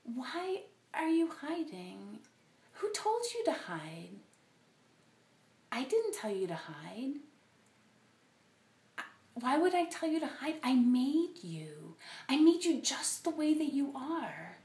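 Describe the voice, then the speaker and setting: A woman voicing a gentle, tender God. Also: high voice, very animated, slow, long pauses, echoey room, pitched above the performer's own voice, heavily acted. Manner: soft and pleading, drifting into whispers. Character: gentle loving male God, tender and reassuring.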